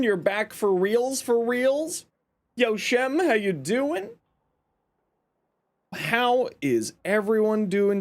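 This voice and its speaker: A man hosts a live game stream in a high voice. His pitch jumps around a lot as he chats casually, greets viewers by name and throws in playful sarcasm. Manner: upbeat, greets chat by name.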